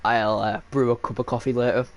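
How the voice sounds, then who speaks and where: A man's voice: medium pitch, little pitch movement, a little fast, a little hiss or hum. A man casually commenting while he plays a game, joking at his own expense and chatting with viewers by name. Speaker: streamer. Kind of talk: casual live-stream commentary while gaming.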